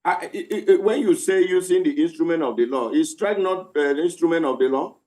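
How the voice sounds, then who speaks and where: A man's voice: a little high, brisk, a little mellow. A Nigerian man speaking for organised labour on a news panel, emphatic, repeating himself and restarting phrases as he presses his point. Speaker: labour union representative. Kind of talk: live news panel discussion.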